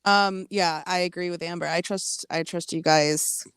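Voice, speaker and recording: A woman's voice: lowish voice, fairly even intonation, normal speed, a bit bright, clean tone, dry recording, studio quality. A young woman co-hosting a casual podcast chat, laughing a lot and chiming in with enthusiasm. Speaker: podcast co-host.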